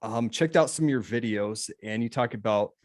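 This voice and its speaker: A man's voice: lowish voice, normal speed. A man in his thirties from Montana, hosting a casual interview and asking curious questions between laughs. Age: 30s. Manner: curious, friendly, laughs often. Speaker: host.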